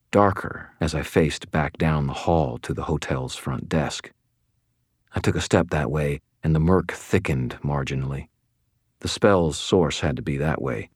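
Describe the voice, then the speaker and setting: A man narrating a first-person audiobook in a steady, measured storytelling manner. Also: extremely low pitch, no echo, clean studio sound.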